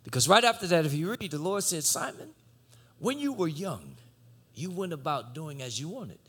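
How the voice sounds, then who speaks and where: A man preaching a sermon, swinging from shouted exhortation to low conversational teaching. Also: sing-song, moderate pace, breathy edge.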